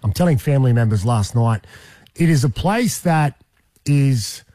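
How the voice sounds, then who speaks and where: An Australian man hosting a radio show, upbeat and chatty and quick to joke. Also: mid-range voice, animated, warm tone, no echo. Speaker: radio host. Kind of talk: breakfast radio chat.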